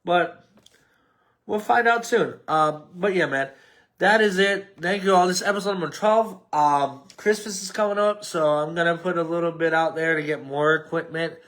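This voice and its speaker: A man's voice: on the high side, normal speed, fairly bright tone. A man with a New York accent hosting a casual solo sports podcast, rambling and mumbling at times. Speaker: podcast host.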